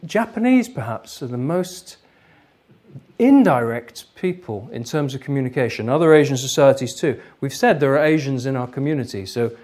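Lively male workshop lecturer. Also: medium pitch, moderate pace. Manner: lively, explanatory, laughs easily. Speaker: lecturer, trainer.

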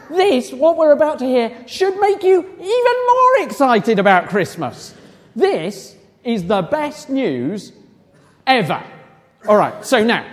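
High-voiced man in an echoey hall. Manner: lively, rousing a crowd of children. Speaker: church leader. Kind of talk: family service talk to children. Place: large hall or church.

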